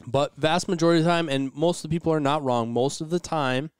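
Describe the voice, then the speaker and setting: A man's voice: a little high, steady tone, fast, clean tone, dry recording, studio quality. A man as a podcast guest in casual chat, explaining step by step and murmuring agreement.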